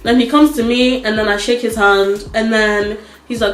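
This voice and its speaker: A young woman vlogger telling a story in casual chat, animated and laughing often as she acts out what people said. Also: fairly high pitch, moderate pace, hardly any pauses, reverberant.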